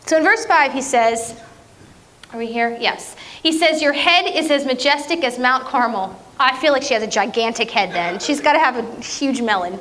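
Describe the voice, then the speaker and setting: A woman preaching a conversational sermon, playful and self-mocking, with lively jokes. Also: sits high, moderate pace.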